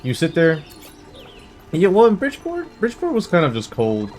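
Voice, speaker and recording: A young man in his twenties, a gaming channel host, telling a rambling, jokey story in a casual way, with sudden loud bursts. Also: a little high, huge pitch swings, moderate pace. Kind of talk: casual storytelling over gameplay. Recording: faint background music.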